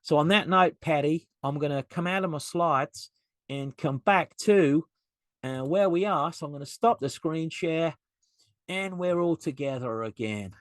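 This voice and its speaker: A man's voice: on the high side, unhurried, dry recording. A man with a Yorkshire accent giving a conversational webinar talk on a video call, often repeating words and acting out bits of dialogue. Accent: Yorkshire English. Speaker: negotiation consultant. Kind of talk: webinar presentation.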